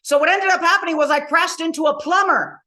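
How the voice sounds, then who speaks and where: Animated, high-voiced woman coach telling stories. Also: a little fast. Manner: storytelling, emphatic, animated. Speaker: motivational coach. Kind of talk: live online masterclass talk.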